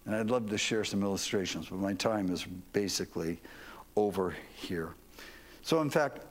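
A man preaching a sermon as pastor, folksy and leading the congregation to repeat lines after him. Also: lowish voice.

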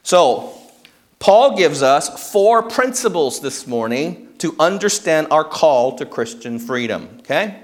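Male pastor, a touch high in pitch, steady teaching-sermon delivery that checks in with the room. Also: takes it slowly. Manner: checks in with the congregation with frequent "okay?". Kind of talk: expository sermon.

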